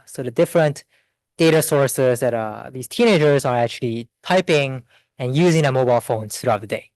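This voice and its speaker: A man giving an academic seminar talk, explaining research results in a steady, methodical way with occasional fillers. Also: on the high side, no echo, low-quality recording. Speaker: invited seminar speaker. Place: lecture room.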